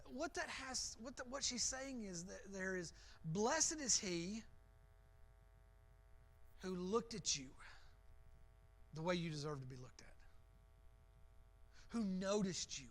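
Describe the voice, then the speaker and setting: A man's voice: sits high, lively intonation, takes it slowly, pauses often, a bit bright. A man, a pastor, giving an evening Bible lesson as an imaginative story, often repeating words as he goes. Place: church.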